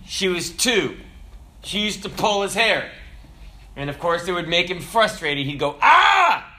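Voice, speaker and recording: Man, pastor, sermon, slightly high pitch, bright tone, emphatic, humorous asides. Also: measured pace.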